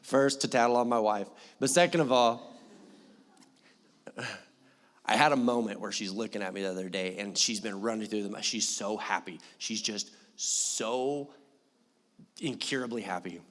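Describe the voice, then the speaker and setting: A young male pastor giving a sermon in a church, telling a story in an animated, joking manner. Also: on the low side, normal speed, pauses often, long reverb tail. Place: church hall.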